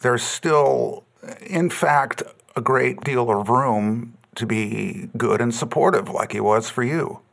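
A male interview host speaks slowly and reflectively, offering brief supportive replies. His voice has a gravelly fry. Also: medium pitch, a bit bright. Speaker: podcast host. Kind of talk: casual interview.

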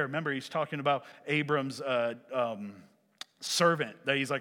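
A male preacher giving a sermon, animated, swinging from loud emphasis to hushed lines. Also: mid-range voice, normal speed. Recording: echoey hall.

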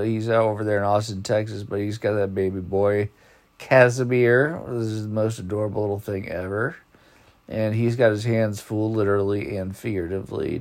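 A man's voice: lowish voice, a little mellow. A man hosting a podcast in casual chat, rambling in laid-back slang and yawning as if sleepy. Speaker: podcast host.

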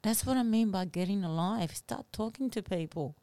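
A woman co-hosting a podcast, telling stories in an animated, earnest way with simple phrasing. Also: medium pitch, normal speed, no room sound. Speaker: podcast co-host. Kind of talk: casual chat, storytelling.

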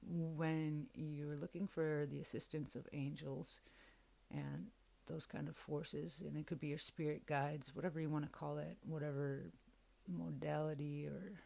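A woman's voice: deep voice, little pitch movement, unhurried, creaky, dark tone. A young woman hosting a podcast, telling a personal story in a candid, casual way and swearing freely. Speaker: podcast host.

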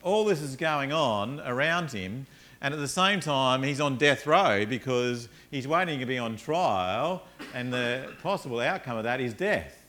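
A man preaching a sermon as a pastor, telling Bible stories in an animated way and acting out the characters. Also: mid-range voice, measured pace, slight background noise. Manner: animated storytelling, acts out characters.

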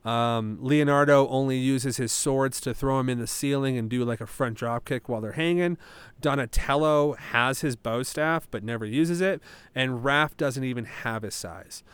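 Male solo podcast host, 30s, mid-pitched, close and dry sound, chatty and meandering, casual swearing. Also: moderate pace, clean tone, no room sound. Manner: rambling, filler-heavy, swears casually.

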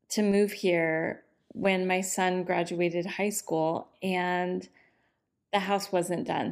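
A middle-aged woman talks slowly and unhurriedly into her podcast microphone. She chats off the cuff in a relaxed, rambling way, often pausing on "like" and "um". Her pitch sits in an ordinary middle range. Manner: relaxed and chatty, many "like"s and "um"s. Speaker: podcast host and divorce coach.

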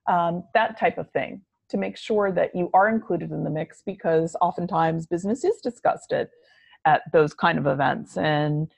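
A woman answering podcast questions in a measured, reflective way. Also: fairly low pitch, gravelly, dry recording. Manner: measured, reflective, slow delivery. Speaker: podcast guest. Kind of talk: conversational interview answers.

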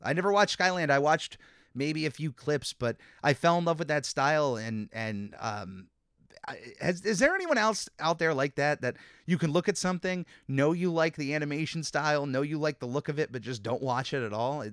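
A man's voice: a little high, animated, moderate pace, a bit bright, smooth, no room sound, studio quality. A man talking casually as a host about old cartoons, chatty with frequent fillers and restarts. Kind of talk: casual commentary.

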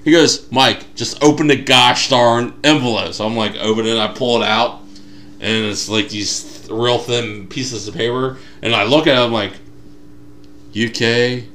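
A man's voice: medium pitch, a little slow, slight background noise. A young man co-hosting a podcast, telling a story with lots of acted-out quotes. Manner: animated storyteller, acts out quotes. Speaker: podcast co-host. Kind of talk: casual chat.

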